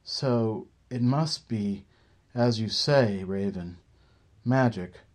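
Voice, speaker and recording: Male audiobook narrator; measured, unhurried fantasy storytelling. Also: lowish voice, darkish tone.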